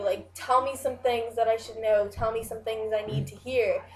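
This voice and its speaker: A woman's voice: on the high side, little pitch movement, brisk, a little mellow. A young woman casually telling a long dream story, rambling with many "like" and "you know" fillers and frequent swearing. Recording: echoey room.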